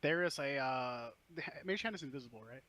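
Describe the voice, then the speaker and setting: A man's voice: mid-range voice, lively intonation, a little fast, pushed and bright, dry recording, dull audio. A man running a tabletop game as game master, narrating the scene in a playful, teasing way.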